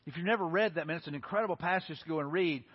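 A man with a high, husky voice preaches a sermon in an earnest way that builds to impassioned pleading. His voice carries a long reverb in a large hall. The sound is dull and lo-fi. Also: very fast. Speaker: pastor.

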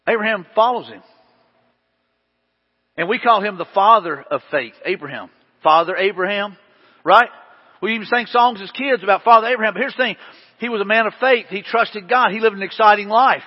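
Preaching to his congregation, a male pastor uses his high, husky voice for a folksy, story-driven sermon full of conversational asides. A long church-hall echo follows his voice, and the recording is dull and lo-fi.

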